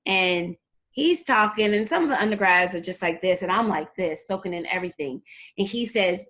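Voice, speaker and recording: A middle-aged woman telling a long personal story in a relaxed interview. She talks in an animated way and jumps into other people's voices as she quotes them, at a middle pitch for a woman. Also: normal speed. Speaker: guest, performer and fitness trainer.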